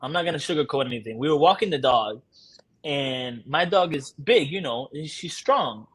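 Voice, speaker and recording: Husky-voiced father talking candidly. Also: a little high, animated, normal speed, fairly bright tone. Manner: candid, laughs while telling stories. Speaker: guest, father. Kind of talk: casual conversation.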